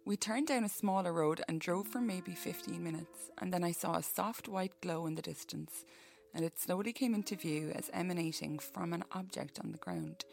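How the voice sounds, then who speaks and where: A woman's voice: on the low side, animated, moderate pace, creaky. A woman hosting a podcast who reads a book aloud and breaks off for profane, jokey asides. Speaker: podcast host.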